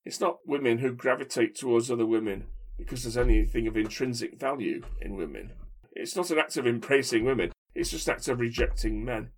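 A man co-hosting a casual chat podcast, wry and opinionated, thinking aloud with pauses. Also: mid-range voice, breathy edge. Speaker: podcast co-host.

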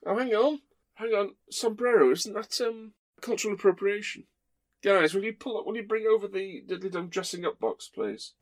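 A man's voice: sits high, animated, normal speed. A man hosting a podcast, telling fond, rambling stories with playful asides. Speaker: podcast host. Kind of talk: casual chat.

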